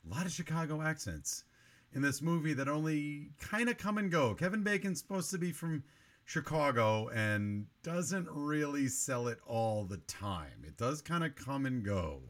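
A man's voice: a little high, sing-song, moderate pace, a bit bright. A man hosting a movie review podcast, critiquing a film in long, analytical, run-on remarks in casual chat.

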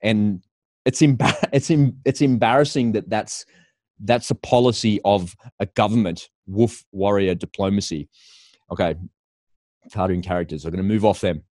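A man's voice: fairly low pitch, normal speed, darkish tone, no echo, studio quality. A middle-aged Australian man giving a scornful opinion monologue, breaking into laughter at his own points.

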